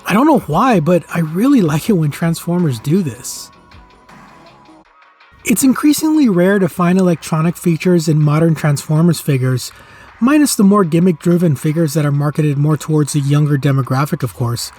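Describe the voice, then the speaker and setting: A middle-aged man narrating a scripted toy review with earnest, nostalgic enthusiasm. His voice is somewhat husky and sits a little high for a man. Faint music plays underneath. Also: lively intonation, normal speed, mellow. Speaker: toy reviewer, channel host.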